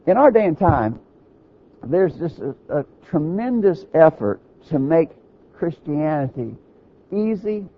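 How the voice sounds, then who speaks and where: A man with a husky, slightly raised voice preaches a sermon in an earnest teaching tone. He quotes scripture and checks in with his listeners. The recording sounds dull and lo-fi. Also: a little high, very animated, slow pace. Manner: earnest teaching, quoting scripture, rhetorical "right?".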